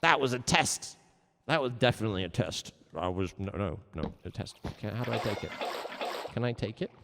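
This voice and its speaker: A man teaching a live-streamed music lesson, playful and chatty, jumping up into high meows and moos. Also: a little fast, vocal fry, long reverb tail, noisy background. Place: home room with a cello on the wall.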